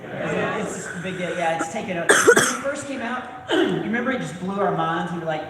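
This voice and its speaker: A man performing live stand-up comedy at a church event, telling stories in an animated way and often breaking off mid-thought. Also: high-pitched, a little fast, heavy background noise. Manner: animated storytelling with frequent self-interruptions. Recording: far mic in echoey hall, loud crowd laughter.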